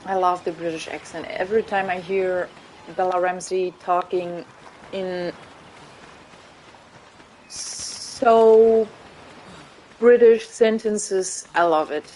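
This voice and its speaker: A woman's voice: fairly low pitch, level tone, normal speed, a little hiss or hum, rough recording. A woman with a German accent chatting casually while streaming a game, rambling and laughing often. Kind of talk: casual chat while gaming.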